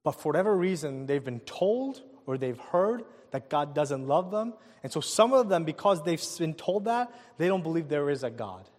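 A man preaching a sermon, telling a personal story with animated delivery, asking the crowd questions and chuckling often. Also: fairly high pitch, moderate pace, few pauses. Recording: long hall reverb.

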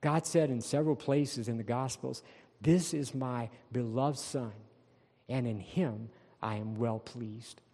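Male pastor, warm, mellow voice, emphatic preaching with long reverb behind it. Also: mid-range voice, fairly even intonation, slightly rough. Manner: emphatic, slows down to stress key words of scripture. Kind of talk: sermon. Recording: long reverb of a large hall.

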